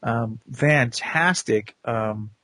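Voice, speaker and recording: A man with a slightly husky voice chats casually on his podcast, gushing with praise and laughing often. The sound is dry and close. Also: medium pitch, drawn-out words, fairly bright tone, no room sound. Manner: enthusiastic, rambling, laughs often. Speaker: podcast host. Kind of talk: casual chat.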